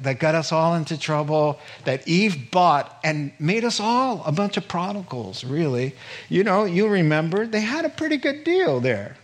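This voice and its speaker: A male pastor preaching a sermon in a folksy, animated way, often laughing as he goes. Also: on the high side.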